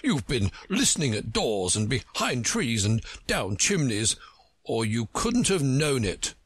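A man voicing a pompous, touchy egg-shaped man in a storybook reading, drawling slowly and huffily. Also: mid-range voice, sing-song, breathy edge, no room sound, clean studio sound. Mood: grand. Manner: pompous, slow and huffy.

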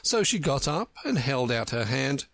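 A man reading a storybook aloud for a radio program, in an expressive way. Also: mid-range voice, unhurried, dry recording. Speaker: audiobook narrator.

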